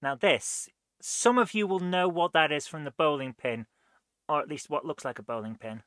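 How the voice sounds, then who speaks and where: Bright chatty streamer. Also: male voice, a little high, moderate pace, no room sound. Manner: rambling and chatty, thinking aloud. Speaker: host. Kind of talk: live retro gaming stream chat.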